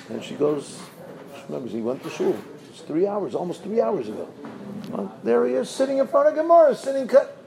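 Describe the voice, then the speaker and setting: A male rabbi delivers a lively sermon, his pitch swinging widely as he tells stories and chants repeated verses. His voice sits a bit high and carries a steady gravelly fry. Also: rough recording.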